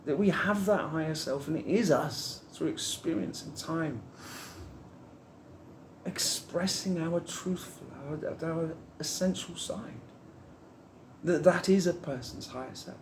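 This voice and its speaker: A man's voice: fairly high pitch, takes it slowly, long pauses, darkish tone, roomy sound, a little hiss or hum. A man giving a rambling, heartfelt spiritual monologue to camera, musing on love and trust.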